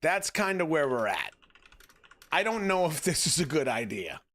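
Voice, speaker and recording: Raspy, earnest male streamer. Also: a little high, big pitch swings, fairly bright tone. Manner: earnest, halting, many restarts. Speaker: livestreamer. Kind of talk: casual live-stream chat.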